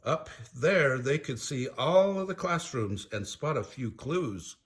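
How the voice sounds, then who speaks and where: Slow animated grandpa reading aloud. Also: male voice, mid-range voice. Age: older. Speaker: storybook reader. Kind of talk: children's read-aloud.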